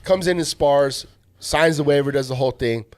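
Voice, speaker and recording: A man's voice: fairly high pitch, moderate pace. Blunt, casual podcast host, a man. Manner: blunt, swears freely, quotes others in dialogue. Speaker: podcast host, fight coach. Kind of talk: casual chat.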